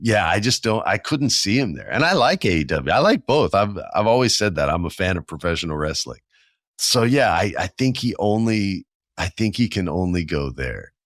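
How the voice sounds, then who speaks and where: Deep-voiced man in his forties, chatty. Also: very animated, normal speed, a bit bright, no room sound, studio quality. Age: 40s. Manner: enthusiastic, conversational storyteller with slangy asides. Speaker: podcast host. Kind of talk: casual solo podcast monologue.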